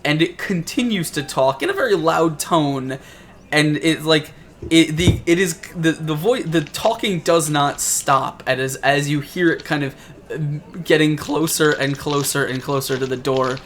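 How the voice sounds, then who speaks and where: A man's voice: on the high side, measured pace, a bit bright, slight background noise. A man narrating as game master for a tabletop game, rambling and searching for words as he describes scenes.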